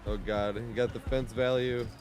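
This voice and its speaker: A man giving gameplay commentary, sarcastic, breaking into yells and laughs. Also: mid-range voice, little pitch movement, normal speed. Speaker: gaming YouTuber.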